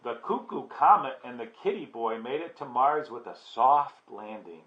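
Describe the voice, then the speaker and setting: A man reading a children's book aloud in a relaxed way, with chatty asides to listeners. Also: mid-range voice, moderate pace. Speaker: storybook reader. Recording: dull lo-fi recording.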